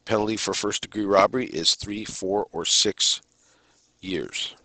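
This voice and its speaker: Low, bright-toned male lecturer. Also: no echo. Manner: measured, deliberate delivery with pauses and occasional restarts. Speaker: criminal justice lecturer. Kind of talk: recorded lecture.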